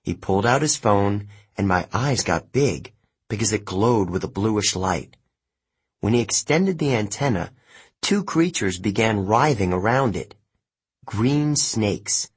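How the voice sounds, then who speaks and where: A man reading an audiobook in a measured, plain storytelling way. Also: fairly low pitch, expressive, husky. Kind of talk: audiobook narration.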